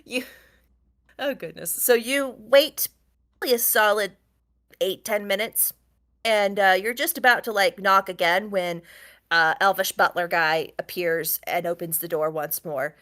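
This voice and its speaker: A woman's voice: medium pitch, a little slow, fairly bright tone. A woman narrating as game master for a tabletop game, rambling with many fillers and frequent laughs.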